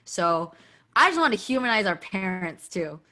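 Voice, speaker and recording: A woman podcast guest telling a candid personal story, animated and acting out quoted dialogue, with frequent "like" fillers. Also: mid-range voice, moderate pace. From United States.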